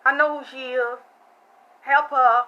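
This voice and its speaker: Patient male spirit, as a woman storyteller quotes him, calm, accommodating, softer. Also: sits high, measured pace, muffled recording.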